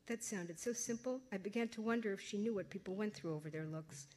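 A woman narrating a first-person novel aloud in a wry, expressive way, voicing a teenage girl. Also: medium pitch, brisk, hardly any pauses. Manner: expressive, wry, voices characters. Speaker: audiobook narrator.

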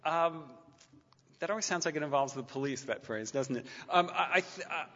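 A man's voice: fairly high pitch, normal speed, a bit bright. Wry stammering man lecturing in a hall. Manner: dry wry humor, frequent stammered restarts. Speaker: lecturer taking audience questions. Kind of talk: public lecture then Q&A. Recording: muffled lecture-hall recording with long reverb.

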